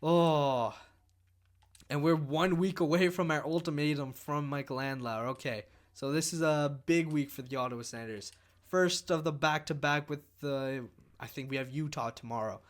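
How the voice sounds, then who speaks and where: A man hosting a channel, giving casual commentary while playing a hockey management game. He mutters through stats and gets loud and excited when the game goes on. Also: fairly high pitch, moderate pace. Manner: muttering, then shouting excitedly during game. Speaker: gaming channel host.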